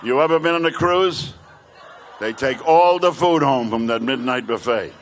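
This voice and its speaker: An older male comedian doing stand-up, telling brash rapid-fire jokes. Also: medium pitch, a little hiss or hum.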